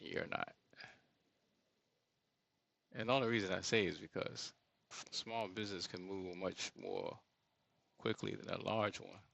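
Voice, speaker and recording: A man with rambles through his work in a casual screen-share commentary, often pausing to search for the right word. His voice is gravelly with a bright, forward edge. The sound is dry and close, with no room around it. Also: deep voice, lively intonation, dry recording, highs cut off. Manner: thinks aloud, rambling asides, searches for words. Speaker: solo creator building an app.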